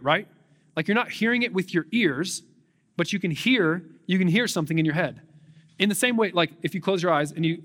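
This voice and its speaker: A young man delivers a sermon in a relaxed, conversational way, tossing in fillers and questions to the congregation. His voice sits slightly high for a man and moves with animated energy. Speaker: pastor.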